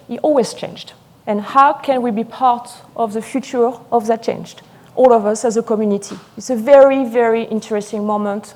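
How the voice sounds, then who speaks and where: Excited French woman lecturing on wine. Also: on the high side. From France. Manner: fast, excited, talkative. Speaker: sommelier lecturer. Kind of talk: live seminar lecture.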